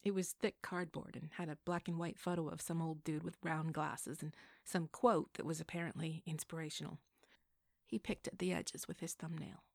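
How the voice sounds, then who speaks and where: A woman narrating a contemporary novel aloud in an even storytelling manner. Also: sits low, moderate pace, creaky, no echo, studio quality. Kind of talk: audiobook narration.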